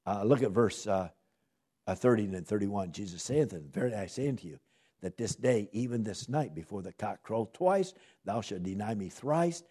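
Husky, animated male Bible teacher. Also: lowish voice, normal speed. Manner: reads scripture aloud with dramatic emphasis; asks the class rhetorical questions.

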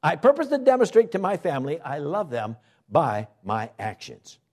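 A man preaching in church with a fairly high voice. His pitch swoops up and down as he stresses key words and pauses for effect. He sounds like a pastor delivering a sermon. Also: wildly swooping pitch, breathy edge. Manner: preaching with dramatic pauses and emphatic rises.

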